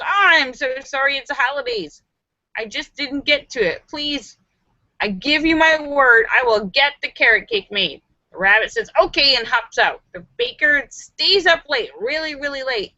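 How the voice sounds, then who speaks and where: A woman hosting a live stream, reading viewers' jokes aloud and acting out the voices with giggly, animated delivery. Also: sits high, dry recording, dull audio. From Los Angeles area.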